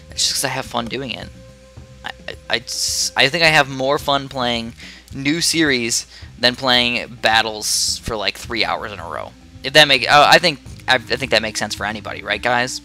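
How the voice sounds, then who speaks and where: Bright, chatty young male gamer. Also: mid-range voice. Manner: rambling and chatty, full of fillers and restarts. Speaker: gaming video creator. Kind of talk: casual gameplay commentary.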